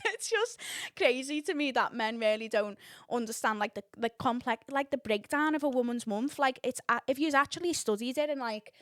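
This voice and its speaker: A young woman, hosting a podcast and telling a story in casual chat, full of swearing and loud laughter. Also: mid-range voice, dry recording, studio quality. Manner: chatty, swearing, laughs loudly at own story. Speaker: podcast host.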